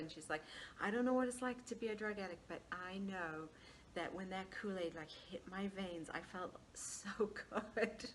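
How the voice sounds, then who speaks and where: A woman speaking at an everyday middle pitch tells a story about her week. Her talk is loose and chatty, with lots of laughter and acted-out quotes. A faint hiss of noise sits behind her. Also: fairly bright tone. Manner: chatty, laughs often, acts out quoted dialogue. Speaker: life coach. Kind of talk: casual storytelling monologue.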